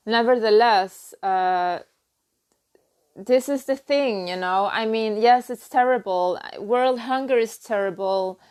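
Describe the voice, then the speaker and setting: A woman giving a halting, earnest spiritual talk on her own channel, full of restarts and "you know.". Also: mid-range voice, smooth. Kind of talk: personal spiritual talk to camera.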